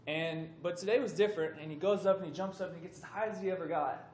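A young man giving a casual sermon to a youth group. He tells a story with animated, conversational delivery and acts out the voices in it. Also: high-pitched, fast. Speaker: youth speaker. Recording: echoey room with faint background noise.

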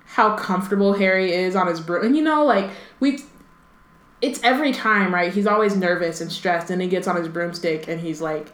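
A woman's voice: fairly low pitch, moderate pace, reverberant. A woman co-hosting a book podcast, chatting casually and reading passages aloud, with many "like" and "um" fillers and playful asides. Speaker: podcast co-host.

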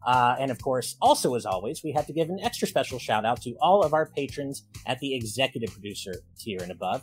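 Man, podcast host, upbeat and thankful, lively rising and falling delivery. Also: medium pitch, soft background music. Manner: upbeat, thankful, reels off supporter names quickly. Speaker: podcast host reading super chats. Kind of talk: casual podcast chat.

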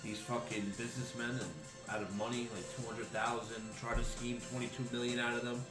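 A man's voice: medium pitch, little pitch movement, brisk. A man co-hosting a comedy podcast, chatting casually, swearing and hesitating with fillers. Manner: laid-back, swearing, hesitant. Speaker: podcast co-host. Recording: roomy echo with music behind.

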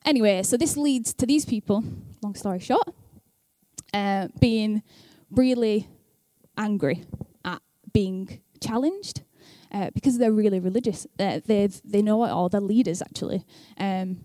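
Young woman, chatty church talk, mellow voice, dry sound, laughs a lot. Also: mid-range voice, a little slow, no room sound. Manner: chatty, self-deprecating, laughs often. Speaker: church speaker. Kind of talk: casual talk and scripture reading.

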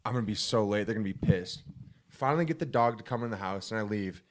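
A man's voice: fairly low pitch, expressive, fast. A young man joking and swearing while telling a story to friends. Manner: jokey, swears, chimes in. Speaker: podcast co-host. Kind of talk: casual storytelling among friends.

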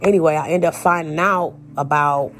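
A woman's voice: sits low, fairly even intonation, moderate pace, faint music behind. A woman telling a personal story in a casual, candid, emphatic way, speaking straight to her viewers.

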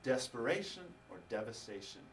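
A man preaching to a congregation, telling a story with laughter and lively asides. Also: medium pitch, moderate pace, far from the mic, a little hiss or hum, low-quality recording. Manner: animated storytelling with laughter and acted quotes. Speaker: pastor. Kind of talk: sermon storytelling.

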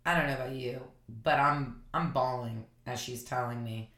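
A woman with a low voice tells a personal story as a motivational speaker, chatty and earnest, her talk full of likes and you knows. She is from Tennessee. The recording has a roomy echo. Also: moderate pace, a bit bright. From Tennessee, USA. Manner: chatty, earnest, filler-heavy. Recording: echoey room.

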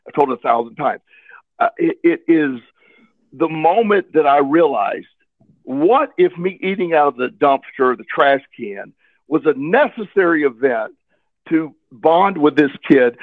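A man's voice: a little high, lively intonation, unhurried, dry recording. A man telling a personal story in a casual interview, candid and earnest, often repeating words as he searches for them. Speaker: interview guest. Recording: tinny phone line, dry.

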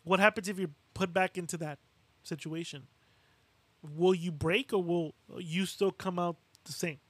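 High-voiced man in animated podcast chat. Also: normal speed, no room sound. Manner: animated, acts out fighters' quotes, swears freely. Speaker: boxing podcast co-host. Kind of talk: casual chat.

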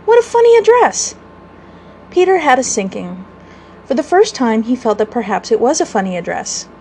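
A woman reading a classic children's story aloud as a radio storyteller, measured and expressive. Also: fairly high pitch, a little hiss or hum, rough recording.

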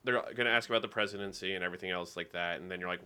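A man from Canada, chatting in a calm, easygoing, reassuring way as a podcast co-host. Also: low-pitched, rapid-fire, clear, resonant tone. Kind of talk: casual chat.

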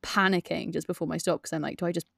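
A woman hosting a podcast in casual chat, frank and quick to swear. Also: on the low side, fairly even intonation, creaky, a bit bright, dry recording, clean studio sound. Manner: frank, reactive, swears freely. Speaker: podcast host.

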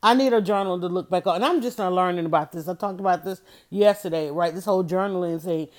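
A middle-aged woman hosting a motivational livestream, speaking in an animated, preachy way and often telling listeners to write things down. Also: fairly low pitch, quick pace. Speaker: livestream host.

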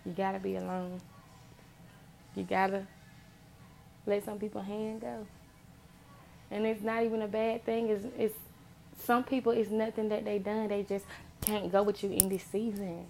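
Gravelly woman giving earnest faith talk. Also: medium pitch, little pitch movement, a little slow, long pauses, dark tone, slight background noise. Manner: earnest, impassioned, repeats phrases for emphasis.

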